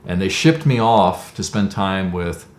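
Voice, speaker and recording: A man in his fifties with a very low voice recounts his own story in a thoughtful, conversational way, often pausing with "um". The sound is roomy with a noticeable echo. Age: 50s. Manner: reflective, conversational, many "um"s. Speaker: interviewee. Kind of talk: personal storytelling.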